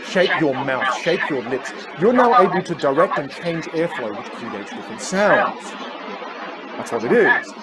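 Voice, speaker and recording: A man speaking as a communication coach in a live talk, energetic, emphatic and playful. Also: fairly high pitch. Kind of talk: live motivational talk on stage. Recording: live stage with loud crowd and noise.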